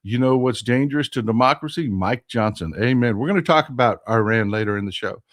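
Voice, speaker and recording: A man's voice: mid-range voice, brisk. A man with a Texan accent hosting a political livestream, emphatic and repeating phrases for stress while reading viewer comments aloud and answering them. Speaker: livestream host.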